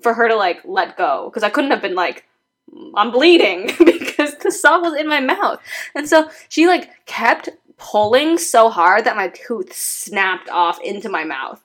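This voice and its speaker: A woman's voice: on the high side, unhurried. A young woman chatting casually with her sister, telling a childhood story with lots of laughter. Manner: animated, laughs while telling stories. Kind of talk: casual chat.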